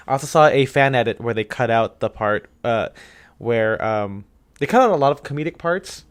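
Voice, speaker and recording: A man co-hosting a podcast in casual chat, rambling and animated, dropping quick asides and quoting movie lines. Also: medium pitch, smooth. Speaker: podcast co-host.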